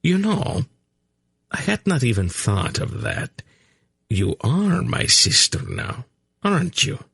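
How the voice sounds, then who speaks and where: A male narrator voicing a shrewd middle-aged emperor who talks in a measured, bland way. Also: medium pitch, wildly swooping pitch, creaky, fairly bright tone, slightly rough, dry recording, studio quality, voice pushed up, full character voice. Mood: bland surprise. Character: clever bland male emperor, former general.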